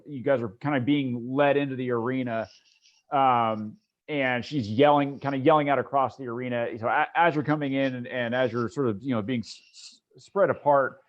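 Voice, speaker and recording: A man narrating a tabletop game as dungeon master, halting and rambling with many fillers. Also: medium pitch. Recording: dull lo-fi sound.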